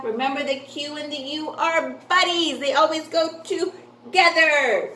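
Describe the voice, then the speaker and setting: A woman's voice: high voice, lively intonation, measured pace, a bit bright, reverberant, a little hiss or hum. A woman teaching a phonics lesson to young children, sing-song and encouraging, asking questions and answering them herself.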